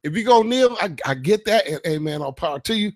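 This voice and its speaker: A man's voice: sits high, animated, a little fast, no room sound, studio quality. A man hosting a radio show, ranting in a heated, profane, emphatic way in casual talk. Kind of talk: casual political rant.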